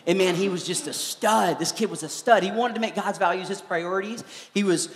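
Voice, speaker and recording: A man, a former youth pastor, giving a live preaching talk in an animated, joking storytelling manner in a large church hall. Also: sits high, brisk. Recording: echoey hall with long reverb.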